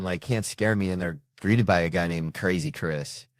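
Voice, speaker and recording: A comedian telling comic stories in an animated, swearing way, jumping up in pitch for the voices he quotes. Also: normal speed, dry recording, clean studio sound. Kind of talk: comedic storytelling.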